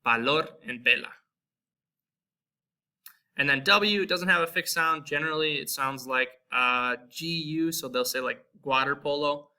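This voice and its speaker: A young American man with an American accent, giving a relaxed spoken lesson and slowly repeating example words. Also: medium pitch. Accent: American English. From United States. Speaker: Spanish teacher.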